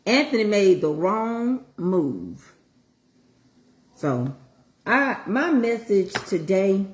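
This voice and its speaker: Extremely slow and pausing often, this middle-aged woman's medium-pitched voice is very animated. A vlogger, she chats casually and folksily in a motivational livestream as she cooks at home, with frying sizzle in the echoey kitchen.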